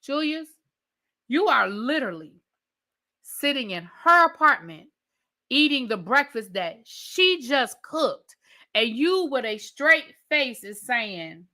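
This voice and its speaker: A woman's voice: sits high, very animated, slow pace, bright, forceful tone. A woman reviewing a reality show in a casual rant, sassy and blunt with profanity.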